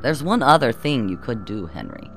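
A man's voice: medium pitch, very animated, normal speed, over music. A man voicing a cruel, mocking male villain who taunts in a falsely sweet, cheerful way. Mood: taunting.

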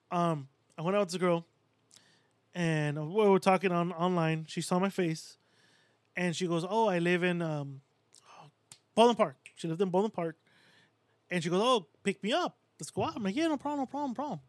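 A man's voice: sits high, no room sound. A man in his thirties co-hosting a podcast, telling crude stories with lots of swearing and quoted voices. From Puerto Rico. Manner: profane storytelling, mimics people in quotes. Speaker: podcast co-host. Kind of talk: casual chat.

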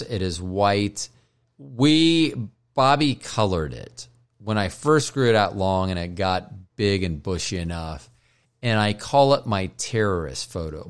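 A low-voiced man hosts his own podcast while high, drifting from joke to joke. He swears freely and keeps apologizing for himself in a loose, self-mocking ramble. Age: older. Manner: profane, joking, self-deprecating. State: stoned. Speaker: podcast host.

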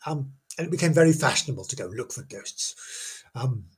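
Husky, rambling man hosting a podcast. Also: medium pitch, animated, moderate pace. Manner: chatty, self-mocking, stumbles and repeats words. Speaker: podcast host. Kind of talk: rambling, jokey ghost-story podcast.

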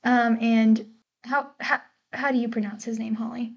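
A woman's voice: a little high, steady tone, normal speed, creaky. An American woman co-hosting a book podcast, in a casual, chatty discussion, laughing often and unsure over pronunciations. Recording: dull lo-fi podcast mic.

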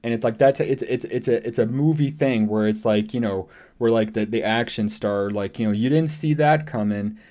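A man hosting a casual podcast discussion, animated and talking in quick restarts. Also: medium pitch. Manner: animated, frequent restarts and acted-out quotes. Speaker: podcast host.

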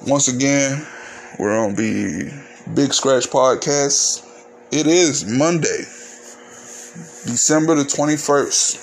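A man's voice: medium pitch, slow pace, vocal fry, pauses often, a little hiss or hum. A man hosting his own podcast, talking casually in a candid, ranting, profane monologue. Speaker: podcast host.

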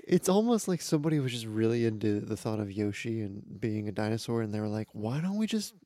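A man's voice: lowish voice, quick pace, warm tone, dry recording, studio quality. A man co-hosting a comedy podcast, chiming in wryly and hesitantly about a movie. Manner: wry and hesitant, admits he does not remember. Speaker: podcast co-host. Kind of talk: casual comedic movie review chat.

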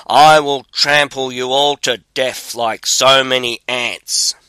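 A man's voice: mid-range voice, steady tone, slow, sharp tone, smooth, dry recording. A man reading as a blustering giant. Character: huge blustering male giant, boastful then wary.

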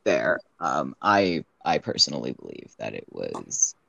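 Woman, very low voice, wildly lively pitch, stammering casual chat. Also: a little slow, gravelly, breathy edge, highs cut off. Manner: hesitant, stammering.

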